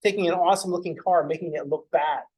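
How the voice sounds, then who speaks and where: A young man teaches math in a classroom, his voice sitting a little on the high side. He talks in a loose, joking way, rambling off into rants and casual swearing before he returns to the lesson. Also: steady tone, fast talker, darkish tone, poor audio. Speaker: math lecturer.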